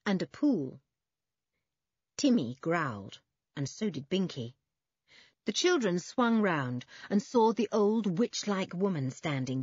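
A woman narrating a children's adventure story in an expressive, lively reading. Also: fairly low pitch, husky, no room sound, highs cut off. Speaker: audiobook narrator.

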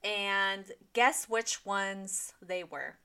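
A woman's voice: medium pitch, very slow, pushed and bright, smooth. A young woman co-hosting a casual chat, playful, acting out her own reactions with big emphasis. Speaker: podcast co-host.

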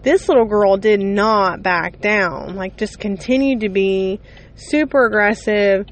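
A woman's voice: mid-range voice, a little slow. A woman in her thirties or forties hosting a podcast, chatting casually in an exasperated way with plenty of fillers and asides. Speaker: podcast host, mother. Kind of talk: casual monologue. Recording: steady vehicle noise behind.

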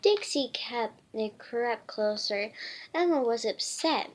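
A woman reading a picture book aloud, halting and often stumbling and restarting. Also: fairly high pitch, expressive. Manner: halting, with frequent slips and restarts.

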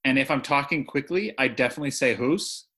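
A man's voice: mid-range voice, fast, pushed and bright, breathy edge. A man with a Canadian accent co-hosting a podcast, chatting casually and making dry, laid-back remarks. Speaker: podcast co-host. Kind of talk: casual chat.

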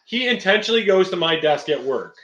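A man's voice: high voice, a little fast. Man with a dull, echoey lo-fi sound. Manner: animated, swears, asks questions. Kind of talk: casual livestream chat.

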